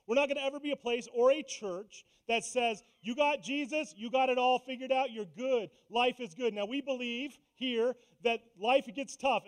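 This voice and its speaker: A man preaching a conversational sermon as pastor in a church, with self-deprecating asides. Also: extremely high pitch. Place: church sanctuary.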